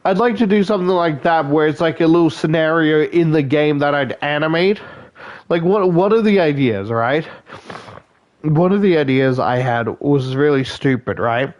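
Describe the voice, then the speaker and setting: Young man, slightly high voice, tired late-night rambler, self-mocking, lots of fillers. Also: moderate pace, lo-fi sound. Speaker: gaming video creator.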